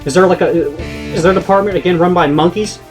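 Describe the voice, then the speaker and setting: A man delivering a comedic rant on a vlog. He swears freely, trips over restarts and drives each point home in an exasperated, fairly high voice. Faint guitar music plays under him. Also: quick pace. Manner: exasperated, profane, rambling with many restarts. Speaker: vlogger.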